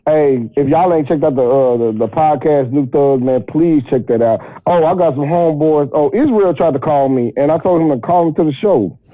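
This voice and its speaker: A man's voice: a little high, normal speed, hardly any pauses, dry recording. A man from Texas with a Southern accent, calling in to a podcast and telling loose, profane stories. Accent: Texan Southern US. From Texas, USA. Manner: loose profane storytelling with laughs. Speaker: caller guest. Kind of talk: casual call-in podcast chat. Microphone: phone call. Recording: tinny dry phone line.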